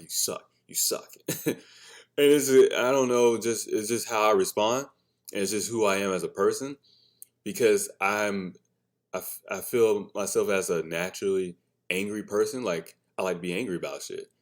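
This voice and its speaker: A man hosting a casual solo podcast, telling candid stories as a father, swearing freely and laughing often at his own remarks. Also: lowish voice. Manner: blunt, candid storytelling. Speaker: podcast host; father of a son and a daughter.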